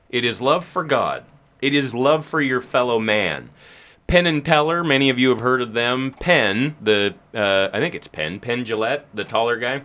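A man's voice: mid-range voice, fairly bright tone. A man hosting a Christian talk show, speaking emphatically with teasing, preacherly punchlines. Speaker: host.

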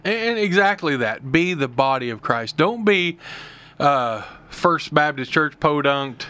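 A man from a rural farm background in a casual Bible discussion, talking haltingly and searching for words. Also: on the high side, animated, sharp tone, smooth. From rural farm area.

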